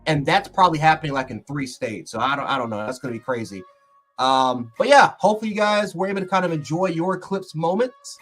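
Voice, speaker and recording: A man hosting a casual livestream, talking in an excitable, rambling way with lots of fillers and restarts. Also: on the high side, fast, soft background music. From Buffalo, New York. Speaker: sports channel host.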